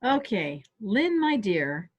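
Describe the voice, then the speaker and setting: A woman calmly guiding listeners step by step through a stress relief tapping exercise on a video call. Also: medium pitch, takes it slowly, highs cut off. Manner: calm step-by-step coaching. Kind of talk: guided tapping exercise instruction. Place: home office on a webinar.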